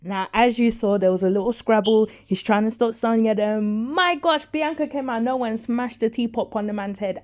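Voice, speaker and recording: A woman casually recapping and reviewing a soap episode, chatty and animated, acting out characters' lines with big reactions. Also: mid-range voice, fairly quick, hardly any pauses.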